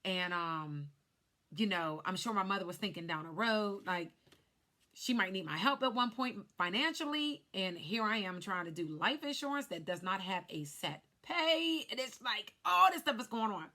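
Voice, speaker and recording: Woman, life insurance agent, casual vlog storytelling, chatty, talks straight to viewers, bright forceful voice. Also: mid-range voice, lively intonation, moderate pace.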